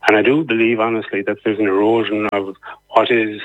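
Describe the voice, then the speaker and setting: An Irish man calling in to a radio phone-in and arguing his point earnestly at length, with many pauses and fillers. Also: lowish voice, level tone. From Ireland. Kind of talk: call-in debate. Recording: tinny phone line.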